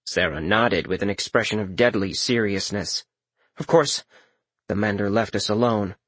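A man reading a first-person audiobook in a measured, wry manner. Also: lowish voice, steady tone, a bit bright, dry recording. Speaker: narrator.

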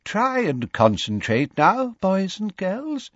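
Fussy old wizard examiner, soft and fretful, higher and thin, as a male audiobook narrator plays him. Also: expressive, unhurried, no echo, dull audio. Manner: soft, fretful, dry little coughs.

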